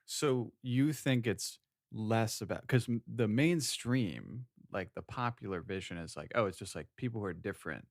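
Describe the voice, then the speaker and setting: A man co-hosting a comedy podcast, chatting casually with a deadpan delivery and drawn-out phrasing. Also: lowish voice, no echo, clean studio sound. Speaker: podcast co-host.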